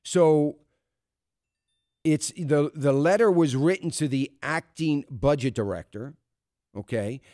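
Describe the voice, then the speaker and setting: A man's voice: fairly high pitch, slow, pauses often, darkish tone, no room sound, studio quality. A man hosting a talk radio show, giving emphatic, conversational commentary full of fillers and restarts. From United States. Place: radio studio.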